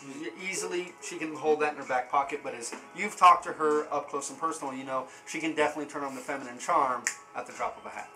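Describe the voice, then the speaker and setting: A man narrating as game master for a tabletop game, halting and full of fillers. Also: fairly high pitch, bright, forceful tone, soft background music, poor audio.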